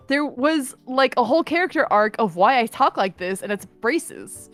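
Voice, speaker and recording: Woman w a little lisp reading fanfic out loud on stream, giggly, trips over her words. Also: high-pitched, lively intonation, brisk, few pauses, faint music behind. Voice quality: slight lisp. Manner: giggly, self-mocking, stumbles over words. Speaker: streamer reading fan fiction aloud. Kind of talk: casual stream chat with read-aloud narration.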